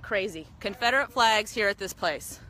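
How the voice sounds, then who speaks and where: A woman's voice: mid-range voice, moderate pace, pushed and bright. A woman filming a confrontation on her phone in an outdoor parking lot, shaken and pleading. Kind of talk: phone video rant. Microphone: handheld phone.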